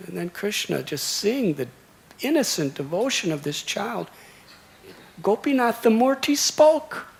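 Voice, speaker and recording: A man's voice: high-pitched, big pitch swings, measured pace, vocal fry. A monk in his sixties telling a devotional story in a temple sermon, fond of repeated lists. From United States. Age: 60s. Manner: storytelling with repeated, listed phrases. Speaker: monk giving a discourse.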